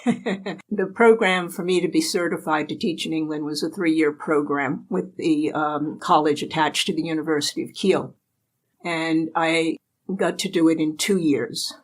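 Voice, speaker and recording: A woman's voice: low voice, fairly even intonation, normal speed, rough recording. An older woman from the United States, a guest in an interview, telling anecdotes in a chatty way and laughing often. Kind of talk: casual storytelling interview.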